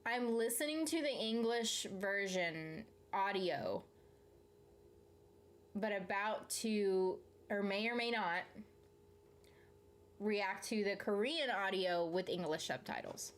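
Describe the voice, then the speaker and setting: A woman's voice: medium pitch, animated, slow pace, long pauses. A woman from the South, chatting casually on a live stream, reading out viewer comments and answering them in a rambling way, swearing freely and laughing mid-sentence. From Southern United States.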